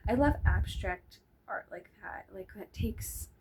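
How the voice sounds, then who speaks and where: A woman's voice: medium pitch, a little slow, a little mellow, in a whisper, rough recording. A woman in her thirties chatting casually in a vlog, rambling with lots of fillers and asides. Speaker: vlogger. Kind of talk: casual chat.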